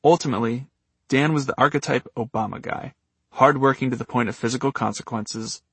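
Husky guy narrating his memoir audiobook, wry and deadpan, super dry booth sound. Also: medium pitch, brisk, dry recording.

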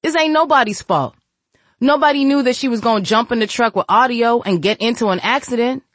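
A woman puts on a grieving young man who won't let his sister give up, talking blunt street slang. His voice is raised, loud and pressing. The reading is dry and close, with no room around it. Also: medium pitch, moderate pace, dry recording, pitched above the performer's own voice, lightly acted. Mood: exasperated. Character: tough young man, grieving protective older brother.

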